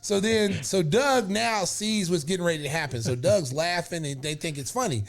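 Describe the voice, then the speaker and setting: Male podcast host, 50s, higher-pitched, animated storyteller who laughs a lot. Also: normal speed. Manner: lively, laughs often while telling stories.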